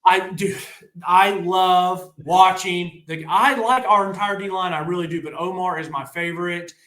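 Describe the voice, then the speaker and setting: A man co-hosting a podcast, talking excitedly in a casual, rambling way with lots of restarts. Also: high-pitched, unhurried, echoey room. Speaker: podcast co-host. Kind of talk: casual sports chat.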